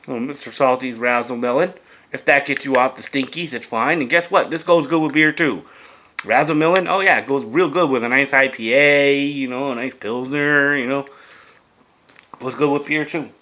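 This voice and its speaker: A man casually chatting to camera as a vlogger, loose, profane and enthusiastic, often dropping to a hush. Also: mid-range voice, normal speed. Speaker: vlogger reviewing beer and vape pairings.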